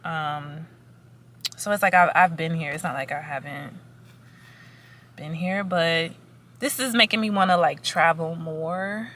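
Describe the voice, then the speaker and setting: A woman's voice: low-pitched, unhurried, long pauses, a bit bright. A young woman chatting casually in a rambling vlog update, recorded sitting in a car on a camera mic. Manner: rambling, chatty, many fillers and restarts. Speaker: vlogger. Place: in a parked car. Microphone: camera with foam windscreen.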